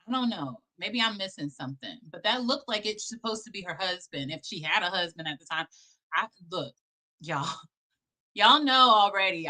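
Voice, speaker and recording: A woman's voice: mid-range voice, bright, forceful tone. A woman in her thirties doing casual commentary, brash, profane and emphatic.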